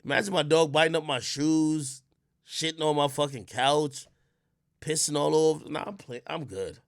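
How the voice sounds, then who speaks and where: Man, from Jamaica, livestream host, casual rant, swears a lot, slightly high voice, dry close sound. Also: normal speed, gravelly, no echo. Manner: animated storytelling, swings between loud outbursts and mutters; swears often.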